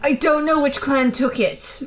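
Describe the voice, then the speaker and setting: A woman playing a tabletop role-playing game, speaking in character in a measured, formal way. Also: sits high, steady tone, over music, rough recording.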